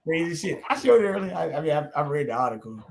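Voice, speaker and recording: A man's voice: on the high side, big pitch swings, very fast, gravelly, crowd noise. A middle-aged man hosting a casual chat, telling stories in a laid-back, drawling way and laughing often. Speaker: host.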